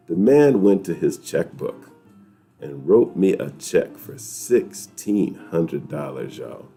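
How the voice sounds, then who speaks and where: A man from New York, hosting a weekly chat and telling a story to viewers in a lively, laughing way. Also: deep voice, slow pace, slightly rough, soft background music. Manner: animated, laughing, talks straight to viewers.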